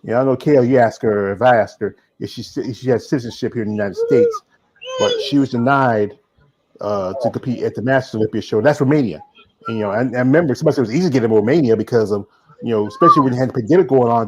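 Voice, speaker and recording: A man's voice: medium pitch, a little hiss or hum, low-quality recording. A man with a Southern US accent hosting a podcast in casual chat, rambling with many fillers and restarts. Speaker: podcast host.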